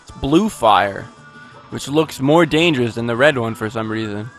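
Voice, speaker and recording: A man's voice: mid-range voice, expressive, normal speed, faint music behind. A man playing a video game and narrating it in a rambling, goofy, self-mocking way, with sudden outbursts. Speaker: let's play gamer. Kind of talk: game commentary.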